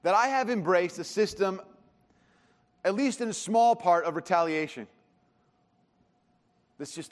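A man preaching a sermon as pastor, talking conversationally and animatedly, often dropping to quiet emphasis. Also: sits high, animated, moderate pace, pauses often, long reverb tail.

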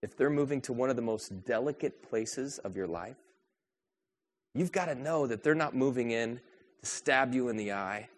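A man preaching a sermon, asking rhetorical questions and moving between a soft, low delivery and a raised, urgent one. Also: normal speed. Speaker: pastor.

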